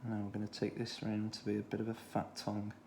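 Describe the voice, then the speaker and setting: A man with a Stoke-on-Trent accent, talking through a children's drawing tutorial in a relaxed way, thinking aloud as he draws. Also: fairly low pitch, fast talker, gravelly, slight background noise. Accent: Stoke-on-Trent English. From England. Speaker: art tutor.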